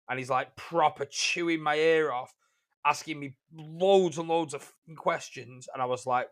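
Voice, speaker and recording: Casting: man, podcast host, slightly high voice, animated, swears freely. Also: moderate pace. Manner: animated storyteller, swears freely, laughs a lot. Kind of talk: casual banter podcast.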